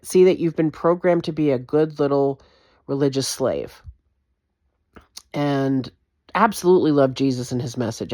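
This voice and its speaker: A woman's voice: a bass voice, a little mellow, dry recording, studio quality. A woman giving an impassioned vlog rant, emphatic and repetitive, swearing freely. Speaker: vlogger.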